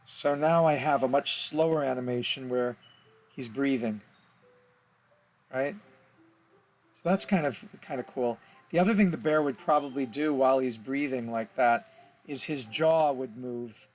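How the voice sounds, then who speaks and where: A man's voice: medium pitch, unhurried. A man explaining his steps in an easygoing, think-aloud tutorial, correcting himself as he goes. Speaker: animation tutor. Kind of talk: casual screen-recorded tutorial.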